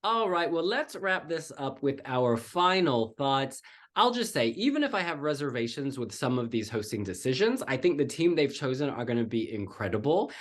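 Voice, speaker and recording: Animated, emphatic show host. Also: mid-range voice, moderate pace. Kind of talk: casual discussion.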